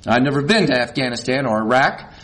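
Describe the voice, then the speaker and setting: A man's voice: medium pitch, expressive, quick pace, fairly bright tone, poor audio. A man preaching a sermon, reading scripture and leading the congregation to say lines back, with folksy asides. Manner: leads congregation in call-and-response, folksy asides.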